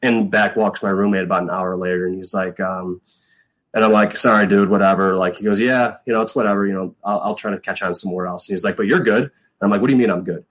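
A man's voice: deep voice, little pitch movement, fast, low-quality recording. A middle-aged man, a former pro football punter, telling stories in a casual interview, rambling with lots of fillers and acting out quotes.

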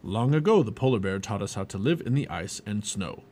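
A man voicing an adult male seal hunter in a read-aloud storybook, speaking in a steady, unhurried way. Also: on the low side, a little hiss or hum, pitched below the performer's own voice, close to an everyday voice. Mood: calm.

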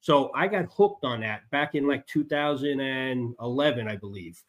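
A man's voice: mid-range voice, lively intonation, moderate pace. A man in his sixties with a Chicago accent, a guest on a radio show who talks about his work in a plain, matter-of-fact way. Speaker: guest, motorcyclist advocacy director. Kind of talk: casual interview.

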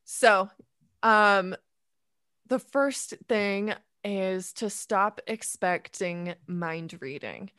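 A woman's voice: medium pitch, very slow, pushed and bright, smooth, no echo. A woman co-hosting a podcast, chatting casually with many fillers like "you know". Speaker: podcast co-host. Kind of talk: casual chat.

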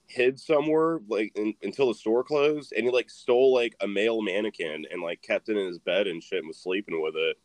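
A man's voice: on the low side, brisk, hardly any pauses, dry recording. A young man in casual chat, rambling and profane, laughing as he retells a story and acting out the voices in it.

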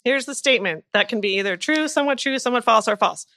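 A woman's voice: fairly high pitch, animated, fast, hardly any pauses, sharp tone, no room sound, studio quality. A woman co-hosting a casual podcast chat, candid and self-deprecating, laughing often. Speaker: podcast co-host. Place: home, rain heard outside.

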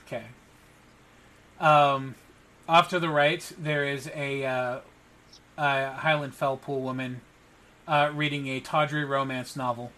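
A man narrating as game master of a tabletop role-play, pausing often with ums and uhs. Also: medium pitch, fairly even intonation, sharp tone. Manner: halting, many ums and uhs.

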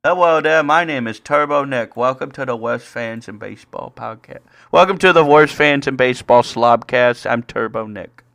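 A man putting on the voice of a hyper, over-excited character who shouts slow, drawn-out catchphrases. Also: medium pitch, gravelly. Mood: manic.

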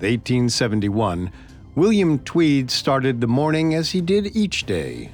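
A male podcast host narrates history with dramatic storytelling. His pitch is lively and varied, with faint music under some passages.

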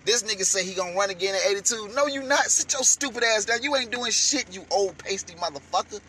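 Angry high-voiced man ranting. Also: animated, fast. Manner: angry, profane, shouting at times. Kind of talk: heated ranting commentary.

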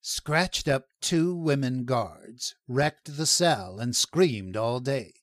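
A man's voice: mid-range voice, expressive, slow pace, a bit bright, dry recording. Brief: male reader doing a disapproving jail superintendent, icy, flustered, dry close sound. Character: cold, fussy male prison superintendent.

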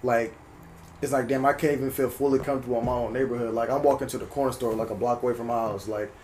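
A man's voice: mid-range voice, fast, a little hiss or hum. A man in his twenties from South Berkeley, talking casually as a podcast co-host, with loose slang and lots of "like" fillers. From South Berkeley, California. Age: 20s. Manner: relaxed slang-heavy, many "like" fillers. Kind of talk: casual chat.

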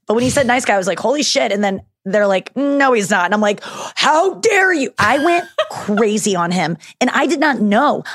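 A woman's voice: medium pitch, no echo, clean studio sound. Candid rambling woman telling stories. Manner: rambling, candid storytelling with frequent "like" and swearing. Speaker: guest, show host. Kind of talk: casual podcast chat.

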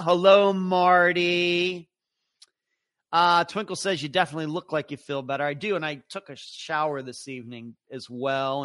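A man's voice: a little high, fairly bright tone, clear, resonant tone, no room sound. Man, live show host, casual chatty talk, tense forward tone, dry sound. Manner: chatty, greets viewers by name one after another. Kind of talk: casual livestream chat.

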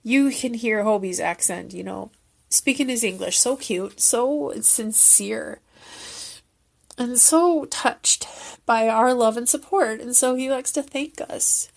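A woman talks in a casual, heartfelt way, recapping a concert, earnest and sometimes rambling as she searches for words. Her voice sits a little high. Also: slow, creaky. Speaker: fan video creator.

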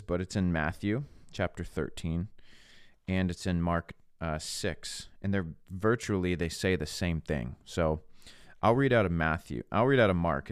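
A man's voice: low-pitched, clear, resonant tone, no echo, studio quality. A man preaching in a casual, earnest way as a podcast host, reading scripture and talking it through. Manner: earnest, conversational, slips into voicing skeptics. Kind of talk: casual sermon-style teaching.

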